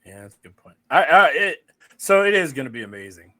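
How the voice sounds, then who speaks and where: A man's voice: on the high side, big pitch swings, brisk, crowd noise. A man co-hosting a podcast in casual chat, joking and teasing his co-host.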